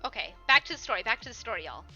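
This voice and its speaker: A woman streamer giving an animated, mock-dramatic reading of a story, breaking off for laughing asides to her chat. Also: on the high side, rapid-fire, muffled recording, faint music behind. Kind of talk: comedic dramatic reading aloud.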